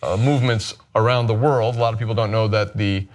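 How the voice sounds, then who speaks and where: A man's voice: on the low side, steady tone, fairly quick. A man hosting a casual panel chat show, rambling with frequent restarts and asides. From United States. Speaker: host.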